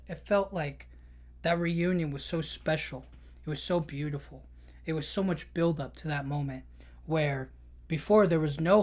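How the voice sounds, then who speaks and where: A man's voice: on the high side, a little mellow. A man hosting a podcast, recapping a film in an emotional, chatty way with lots of "you know". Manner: emotional storytelling, many fillers like "you know". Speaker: podcast host. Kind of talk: casual movie recap.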